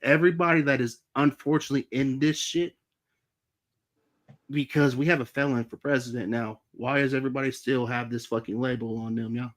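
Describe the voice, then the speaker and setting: A man in the middle of his own live stream, talking fast and loose about his life, angry and swearing freely. His voice sits in an ordinary middle range for a man. The talk is off the cuff, with no script behind it. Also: mid-range voice, fairly even intonation. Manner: heated, heavy swearing. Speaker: livestream host. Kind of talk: casual storytelling on a live stream.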